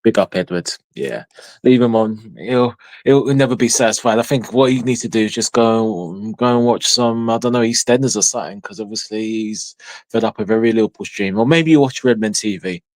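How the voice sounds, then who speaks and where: A man's voice: on the low side, a little fast, darkish tone, no echo. A man co-hosting a fan livestream, reading viewer comments in casual chat, blunt and mocking, with chuckles.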